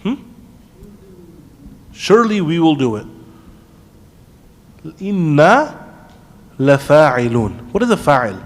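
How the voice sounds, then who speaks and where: A man teaching a class on Quran commentary, asking the class questions and quickly reciting Arabic verses. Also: fairly high pitch, sing-song, big-room sound. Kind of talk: classroom lesson. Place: mosque classroom.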